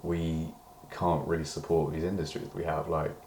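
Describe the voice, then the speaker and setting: Very deep-voiced British man rambling. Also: level tone, normal speed, a little mellow, reverberant, a little hiss or hum. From Britain. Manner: meandering, full of hedges and restarts, swears when worked up. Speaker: diary vlogger. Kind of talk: rambling personal monologue.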